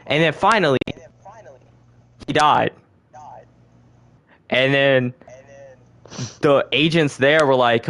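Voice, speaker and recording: A man's voice: on the high side, measured pace, pauses often, fairly bright tone. Rambling, profane young man on a podcast. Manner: rambling, profane, self-correcting. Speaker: podcast host. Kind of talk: casual conspiracy chat.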